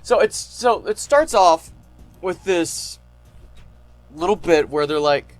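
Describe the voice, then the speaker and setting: A man talks through his favorite story arc in a loose, rambling way, padding every thought with fillers. His voice sits a little high for a man, and he gushes like an eager fan. Faint music plays quietly underneath. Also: slow, no echo. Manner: excitable fan gushing. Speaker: anime reviewer. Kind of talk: casual retrospective chat.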